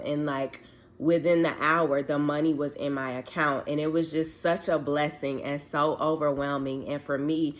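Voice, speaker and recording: A woman's voice: sits low, steady tone, moderate pace. A woman telling a personal faith testimony in a casual, chatty way, earnest and heartfelt, acting out the dialogue she quotes. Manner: chatty, filler-heavy, acts out quoted dialogue. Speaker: widowed mother sharing a faith testimony.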